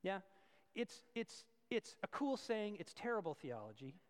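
A male pastor preaching a sermon, switching between loud emphatic points and quiet asides. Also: sits high, sing-song, measured pace, big-room sound.

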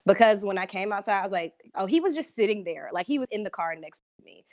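A woman in casual chat, telling animated, profane stories. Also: mid-range voice, fast.

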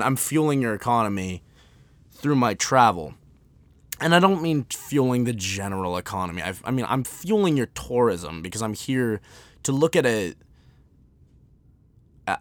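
Animated sarcastic American man ranting. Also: mid-range voice, no room sound. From United States. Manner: animated, sarcastic, rambling with restarts. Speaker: podcast host. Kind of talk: unscripted comedic rant.

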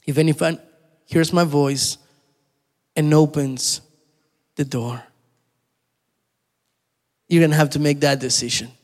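A man's voice: a little high, darkish tone, in a large hall. A man preaching a sermon, repeating his points with emphasis and asking his listeners questions. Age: adult.

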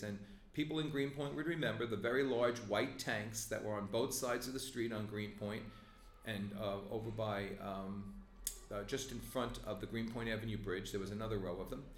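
An older man tells oral-history stories in an earnest way, with apologetic asides. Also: mid-range voice. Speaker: former treatment plant representative. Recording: roomy echo.

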